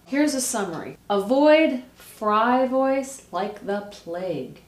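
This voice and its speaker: A woman, a vocal coach, explaining how to speak healthily in a lively, direct teaching manner. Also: on the high side, slow. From United States. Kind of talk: instructional explanation with voice demonstrations. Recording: roomy, distant mic, faint noise.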